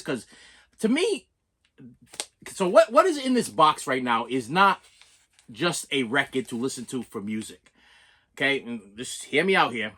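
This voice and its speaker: Chatty Boston man with a bright voice. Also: mid-range voice, very animated, normal speed, pauses often. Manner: rambling and self-deprecating, many restarts. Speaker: collector vlogger. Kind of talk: casual unboxing chat.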